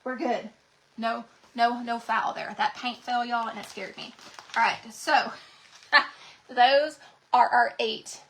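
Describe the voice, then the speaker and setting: A woman hosting a craft livestream, gushing excitedly to her viewers as she shows off new transfers. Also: fairly high pitch, unhurried, vocal fry. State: recovering from being sick. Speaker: craft channel host.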